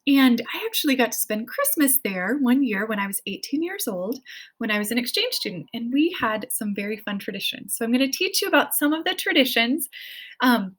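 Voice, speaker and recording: Woman teacher, kinda high voice, bouncy and upbeat, keeps asking kids to say it with her. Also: fairly bright tone. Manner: encouraging, sing-song prompts to repeat. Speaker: Spanish teacher. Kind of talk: children's language lesson.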